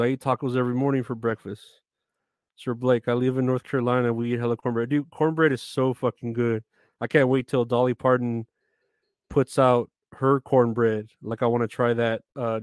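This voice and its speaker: A man's voice: mid-range voice, dry recording, studio quality. A man chatting casually on a live stream, rambling, swearing often and reading out names from the chat.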